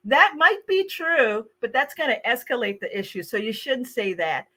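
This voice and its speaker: Animated, laughing woman podcast host. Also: sits high, normal speed, few pauses. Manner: animated, laughs often, acts out quoted phrases. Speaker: podcast host and service trainer. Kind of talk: casual podcast conversation.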